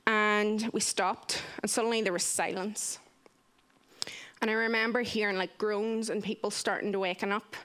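A woman's voice: medium pitch, moderate pace. Young woman telling a story. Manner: vivid, animated retelling with acted-out quotes. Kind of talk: personal story told to listeners.

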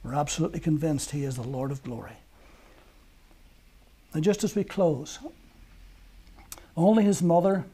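High, husky-voiced man preaching a sermon. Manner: earnest storytelling, rising to emphatic peaks and dropping to hushed lines.

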